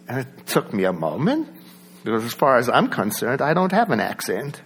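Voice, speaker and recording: A man with a South African accent giving a reflective personal talk, conversational, with many asides and soft laughs. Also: lowish voice, very animated, fairly quick, slight background noise. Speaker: speaker.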